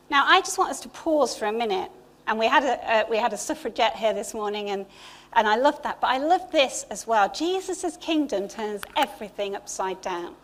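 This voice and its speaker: Chatty high-voiced English woman preaching. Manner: chatty and warm, with asides. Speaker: church leader. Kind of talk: informal Easter sermon. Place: church hall.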